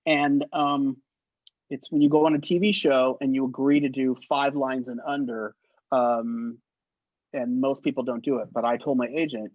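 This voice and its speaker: A man telling show-business stories as an interview guest, in a lively way, acting out the voices he quotes. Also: mid-range voice, dry recording. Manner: animated anecdotes, acts out quoted voices, laughs often. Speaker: guest, actor and effects artist. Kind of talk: casual storytelling interview. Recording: dull, lo-fi sound.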